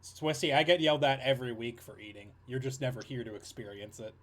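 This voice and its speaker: A man's voice: mid-range voice, fast, a bit bright. A man on a live game stream, laid-back and laughing, eating a sandwich while he talks. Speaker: streamer co-host.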